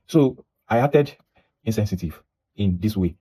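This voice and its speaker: A man's voice: on the low side, animated, measured pace, mellow, breathy edge. A young Nigerian man with a Nigerian accent, telling a personal story in a casual, rambling way, restarting and repeating himself and slipping into Pidgin. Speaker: vlogger.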